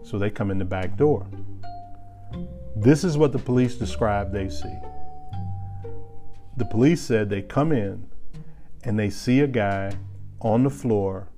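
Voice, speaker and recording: A man casually telling a story to a listener, animated and chuckling, getting louder at the tense moments. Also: fairly low pitch, measured pace, pauses often, soft background music.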